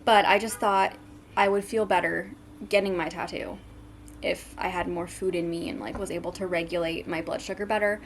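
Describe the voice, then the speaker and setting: A woman's voice: fairly low pitch, fairly even intonation, moderate pace, a little hiss or hum. Chatty young woman vlogging at home. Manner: chatty, frequent ums, eating while talking. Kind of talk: casual vlog chat.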